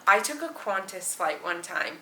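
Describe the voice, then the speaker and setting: Bright valley-girl woman in echoey room. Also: on the low side, big pitch swings, slight background noise. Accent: Southern California valley girl. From California, USA. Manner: chatty, fast-flowing, many likes and oh my goshes. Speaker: flight attendant vlogger. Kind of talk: casual chat to camera. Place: small hotel quarantine room.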